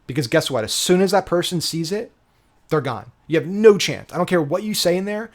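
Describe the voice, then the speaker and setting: A man's voice: a little high, animated, brisk. A man giving a casual, emphatic marketing lesson, often checking in with "right?" and swearing casually. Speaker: digital marketing coach. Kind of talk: casual instructional talk.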